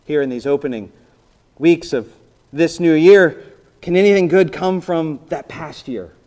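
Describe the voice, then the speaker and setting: A man preaching a sermon in a conversational storytelling manner, briefly acting out the people in the story and dropping to a soft voice for emphasis. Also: a little high, a little slow. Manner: conversational storytelling, voicing biblical characters, drops to soft emphasis. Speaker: pastor.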